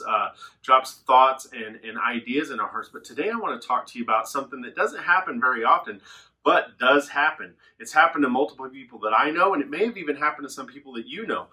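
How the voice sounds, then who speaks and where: Bright, animated man telling kids Bible stories. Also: medium pitch. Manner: animated storytelling with voices. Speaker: children's pastor. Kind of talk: kids' Bible lesson.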